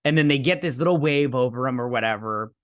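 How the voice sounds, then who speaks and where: A fast-talking man with a medium-pitched voice hosts a review show, casually recapping an episode. He rambles, uses lots of fillers, and paraphrases the characters in his own voice, all in clean, echo-free studio sound.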